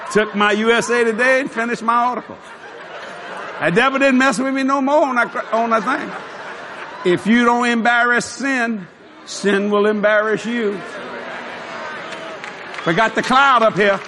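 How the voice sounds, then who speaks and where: Male preacher, high animated delivery, chuckling storyteller, faint background hum. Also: measured pace, long pauses, crowd noise. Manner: animated, chuckling, shouts for emphasis. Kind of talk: storytelling sermon.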